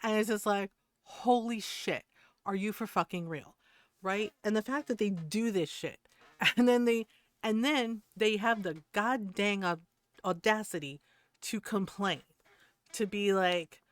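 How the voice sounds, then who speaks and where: A woman streamer rants to her chat, heated and swearing freely, with laughs breaking up her points. Her voice sits at a middle pitch. The recording is dry and close, with no room sound. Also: measured pace, no room sound. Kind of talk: casual rant to stream chat.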